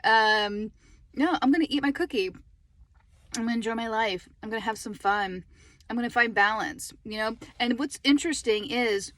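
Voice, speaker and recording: A woman's voice: fairly high pitch, normal speed, dry recording. Chatty woman vlogging from her car. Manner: chatty, animated, laughing often. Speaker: lifestyle vlogger. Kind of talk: casual talk to camera. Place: parked car.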